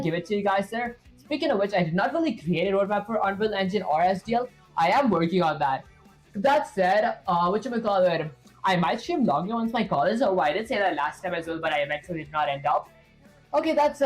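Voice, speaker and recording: A woman's voice: mid-range voice, poor audio. Woman streamer, casual rambling chat with filler words, worn out and short of breath, faint music behind. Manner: rambling, many "like" fillers and restarts. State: tired and a bit out of breath. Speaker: programming live streamer.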